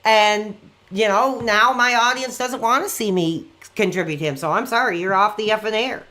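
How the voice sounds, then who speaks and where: A man hosting a live call-in stream in a rambling, quick-tempered, often exasperated way. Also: high voice, pushed and bright.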